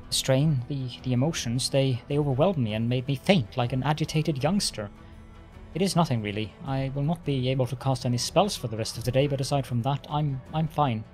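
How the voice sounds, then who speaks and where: A grave inquisitor who trips over his words as he explains a dark threat, read by a man. The voice sits at a middling pitch, and a faint game soundtrack runs beneath it. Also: faint music behind, lightly acted. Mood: shaken. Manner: halting, stammers over words. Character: shaken older male inquisitor, grave and careful.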